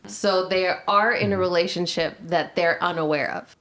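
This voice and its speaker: A woman's voice: lowish voice, fairly even intonation, normal speed, a bit bright. A woman co-hosting a podcast, chatting casually and pressing her points emphatically. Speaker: podcast co-host. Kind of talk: casual chat.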